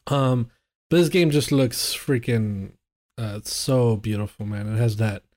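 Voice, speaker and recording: A man with a mellow, dark-toned voice talks games as a podcast co-host. He is casual and enthusiastic, with loose phrasing and plenty of fillers. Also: medium pitch, a little slow. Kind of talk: casual chat.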